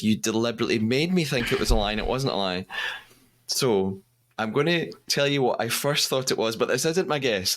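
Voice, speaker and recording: A man hosts a podcast in a relaxed, conversational way. He is friendly and chatty and laughs easily with his guest. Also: mid-range voice. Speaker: podcast host. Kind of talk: casual interview chat.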